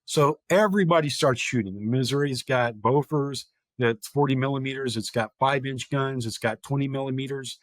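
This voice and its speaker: A man's voice: medium pitch, moderate pace, dry recording. A man speaking as a guest and telling a vivid, dramatic story, quoting people directly as he goes. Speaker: guest, historic park chief of staff.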